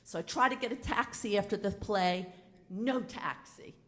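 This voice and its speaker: A woman telling a personal story live on a theater stage, animated and frank, acting out the dialogue as she goes. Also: mid-range voice, normal speed. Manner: animated, dramatic retelling with quoted dialogue; casual and frank. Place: theater stage before an audience.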